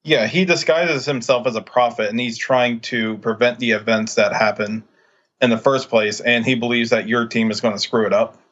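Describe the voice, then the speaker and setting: A man's voice: medium pitch, fairly even intonation, moderate pace, a bit bright, lo-fi sound. A man co-hosting a podcast, explaining a video game's story casually with frequent fillers. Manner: explains game lore, hesitant fillers. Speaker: podcast co-host. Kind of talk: casual game discussion.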